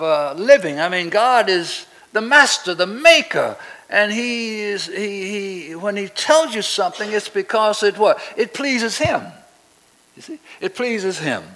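A man's voice: high voice, sharp tone, rough recording. A man preaching a sermon, often asking the congregation to finish his sentences and building to emphatic declarations. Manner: call-and-response questions to the congregation.

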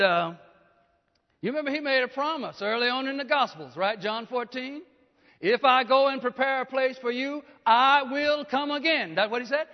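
A man preaching a sermon, often asking the congregation questions and rising to loud, emphatic peaks. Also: extremely high pitch. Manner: call-and-response preaching, asks the congregation questions. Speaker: pastor. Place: church. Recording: dull lo-fi church hall recording.

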